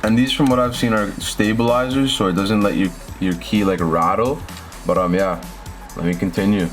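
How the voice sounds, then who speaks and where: A young man with an American accent casually unboxing a keyboard, chattering excitedly in slang and calling his viewers "bro.". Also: fairly low pitch, normal speed, faint music behind. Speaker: tech YouTuber.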